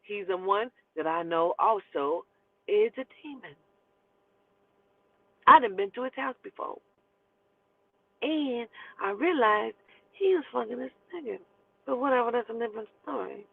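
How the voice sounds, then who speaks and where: A woman telling a personal story in casual, animated, profane speech and acting out the dialogue. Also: a little high, measured pace, gravelly, long pauses. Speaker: storyteller host. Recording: dry, phone-like thin sound.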